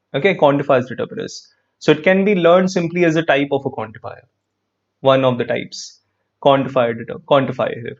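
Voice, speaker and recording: A man with an Indian English accent teaching an online grammar class, lively and repetitive, quizzing his students as he goes. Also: a little high, lo-fi sound. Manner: lively, repeats phrases, quizzes students, frequent "perfect".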